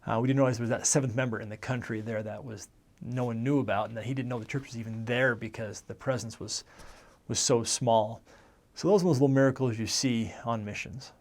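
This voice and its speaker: A man's voice: medium pitch, brisk. Man recounting his missionary years. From United States. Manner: rambling and conversational, with frequent self-corrections. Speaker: former missionary telling his life story. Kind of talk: casual personal storytelling.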